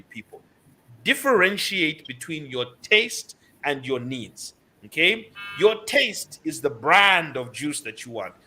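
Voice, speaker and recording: A man lectures listeners on money with insistent emphasis, hammering home single words. His voice is sharp and forceful, pitched a little high for a man. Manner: emphatic, lecturing, repeats key words for stress. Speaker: financial commentator. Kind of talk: radio financial advice talk.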